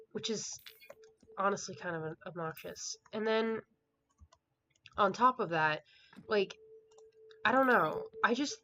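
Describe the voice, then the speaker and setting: A woman's voice: medium pitch, fairly bright tone. A woman reviewing a book in a casual vlog, recapping the plot in a rambling way with lots of filler words and an exasperated, dismissive tone. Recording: dull lo-fi home recording with faint hiss.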